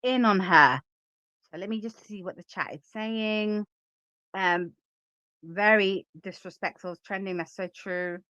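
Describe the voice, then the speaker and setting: A woman talks straight to her viewers in casual livestream commentary, opinionated and emphatic as she reacts and reads out the chat. Her voice is bright and forward, and the recording is dry and close with no room sound. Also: medium pitch, a little slow, clean tone, no echo, lo-fi sound. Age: adult.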